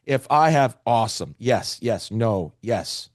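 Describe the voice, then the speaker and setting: A man's voice: mid-range voice, expressive, takes it slowly, dry recording, clean studio sound. A man presenting a live webinar, talking to the chat with energy and restarting phrases often.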